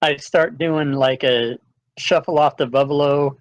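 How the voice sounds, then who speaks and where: Playful, higher-voiced male player. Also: steady tone, unhurried, poor audio. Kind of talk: describing his character's actions.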